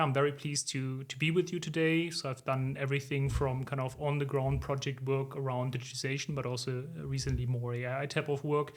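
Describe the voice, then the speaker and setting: This man in his forties is a consultant being interviewed on a podcast, with a mid-range voice. His answers are reflective and measured, peppered with "um" and "if you will."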